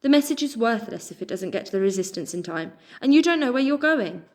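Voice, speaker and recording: A woman's voice: fairly high pitch, lively intonation, fast talker, voice pushed up. Hans, a woman voicing a stern scarred rat soldier. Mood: urgent. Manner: stern, urgent, commanding. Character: gruff battle-scarred male rat soldier.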